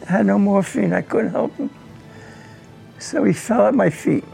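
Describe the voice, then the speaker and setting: A very old man with a high, deeply gravelly voice tells his memories haltingly, doubling back on words as emotion catches in his throat. Faint music plays underneath. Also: dark tone, poor audio. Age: 90s. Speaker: war veteran. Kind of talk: recounting personal war memory.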